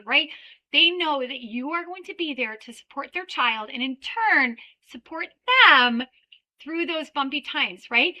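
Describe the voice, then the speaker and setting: Brief: woman trainer, high and bright, energetic podcast talk, keeps asking "right?". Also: rough recording. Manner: animated, acts out little scenes with children and parents; peppers sentences with "right?". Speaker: podcast trainer for child care owners.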